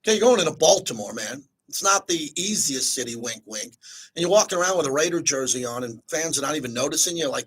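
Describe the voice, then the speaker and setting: A man's voice: fairly high pitch, animated, fast, a bit bright, breathy edge, rough recording. A middle-aged man hosting a sports talk radio show, chatty and upbeat, thanking callers and reading sponsor spots.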